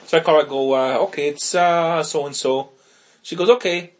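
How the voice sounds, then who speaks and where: A man with a hoarse, worn-out voice, chatting casually as a podcast co-host and telling stories with lots of laughter and swearing. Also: on the high side, normal speed. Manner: animated storyteller, laughs often, swears freely. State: hoarse, voice going. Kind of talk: casual chat.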